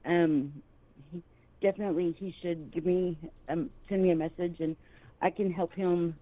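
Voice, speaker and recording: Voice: medium pitch, fairly even intonation, normal speed, warm tone, low-quality recording. A guest on a live show who rambles, using many fillers like um and you know. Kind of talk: casual chat.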